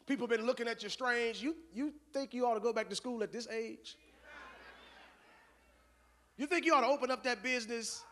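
A man preaching a sermon as pastor, moving from low conversational asides to loud shouted call-and-response. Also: moderate pace, pauses often.

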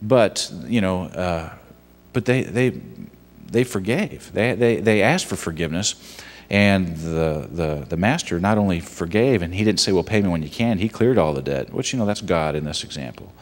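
A man giving a conversational sermon and reading scripture, talking in a halting way with frequent restarts and asides. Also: low-pitched, animated, long reverb tail. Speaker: guest preacher, son of the pastor. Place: church sanctuary.

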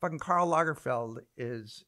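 A man guesting on a comedy podcast, riffing quickly and chiming in with repeated agreement. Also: mid-range voice, pushed and bright. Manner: rapid, riffing, repeats "yeah" a lot. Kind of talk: casual comedic chat.

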